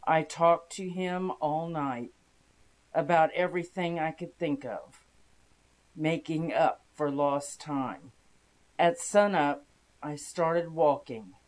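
This narrator reads first-person inspirational stories at an unhurried, deliberate pace. The delivery is calm and steady, with a voice sitting in an ordinary middle range. The tone is even and measured throughout. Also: mid-range voice.

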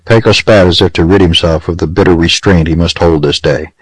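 A man narrating a western audiobook in measured, dramatic storytelling. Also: low voice, fairly even intonation, slightly rough, dry recording, rough recording.

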